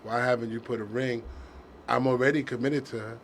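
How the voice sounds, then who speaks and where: A middle-aged man speaks in a heartfelt, casual way, earnest and openly sentimental. His voice sits at an ordinary, middling pitch, and he often stumbles and restarts as he searches for words. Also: fairly even intonation, brisk, slight background noise.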